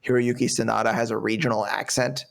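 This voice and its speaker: A man's voice: mid-range voice, level tone, fast, vocal fry. A man co-hosting a movie podcast, rambling casually with lots of fillers and some swearing. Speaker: podcast co-host. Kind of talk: casual movie review chat.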